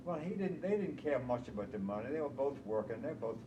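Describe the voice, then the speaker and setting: An older man, a bridge organizer, telling animated anecdotes in casual chat, often chuckling. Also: medium pitch, quick pace, dull audio. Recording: echoey room heard from far off with noise.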